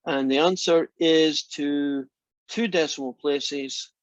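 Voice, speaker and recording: A slightly high-voiced man takes his time as he teaches a math class, with no room sound in the dull lo-fi lecture recording. His style is chatty and teasing, full of questions for the students.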